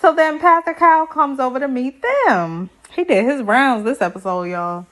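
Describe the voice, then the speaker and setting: A woman's voice: high voice, normal speed, fairly bright tone. Sassy, chatty woman recapping TV. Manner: sassy and chatty, with lots of slang asides. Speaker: TV recap vlogger. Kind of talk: casual show recap.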